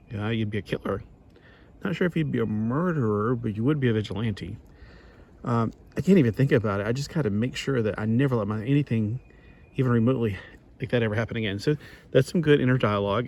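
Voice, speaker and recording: Rambling male comic reviewer, low voice. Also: darkish tone. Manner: rambling, full of restarts and asides; exasperated griping. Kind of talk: casual review monologue.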